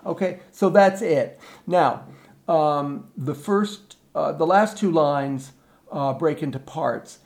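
A man leading a choir rehearsal from a recording, explaining breathing and diction slowly and singing short phrases to show them. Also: fairly high pitch, a little mellow. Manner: slow, deliberate, breaks off to sing the phrases. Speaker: choir director. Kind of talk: spoken choir rehearsal instructions with sung demonstrations.

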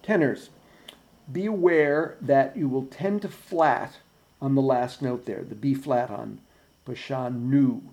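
A man's voice: medium pitch, slow, darkish tone. A man as a choir director giving precise, patient rehearsal instructions and counting in beats, with piano played alongside. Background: piano playing.

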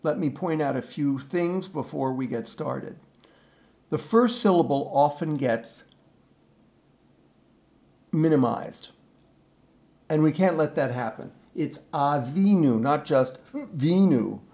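A man leading a choir rehearsal from a recording, explaining breathing and diction slowly and singing short phrases to show them. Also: on the high side, creaky, warm tone. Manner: slow, deliberate, breaks off to sing the phrases. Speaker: choir director. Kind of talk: spoken choir rehearsal instructions with sung demonstrations.

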